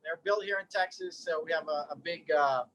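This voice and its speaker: A man's voice: on the high side, brisk, fairly bright tone. A middle-aged man casually telling his story as a cigar maker, rambling with joking asides and lots of fillers.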